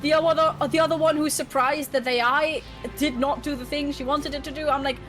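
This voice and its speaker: Blunt, high-voiced young woman ranting. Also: steady tone, a little fast, fairly bright tone, faint music behind. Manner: blunt, ranting, swears freely. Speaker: streamer. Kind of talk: casual chat.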